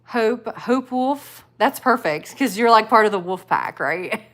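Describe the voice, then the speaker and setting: A woman hosts a casual live stream, reading viewers' chat comments aloud and talking back with them. Her voice is a little high and a bit bright, animated yet slow-paced, and her loose chatter is full of laughter and the word "like."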